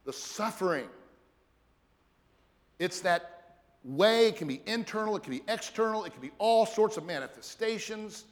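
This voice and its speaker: A man preaches an earnest sermon as pastor, his voice sitting a little high for a man. He drops to a hushed, low tone when voicing prayer. The sound carries a long reverb from a large hall. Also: lively intonation, moderate pace, pauses often.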